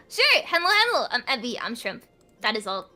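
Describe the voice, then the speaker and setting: A woman's voice: a little high, huge pitch swings, normal speed, sharp tone, faint music behind. A woman guest on a live stream, chatting shyly and giggling between teasing remarks. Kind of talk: casual live-stream chat.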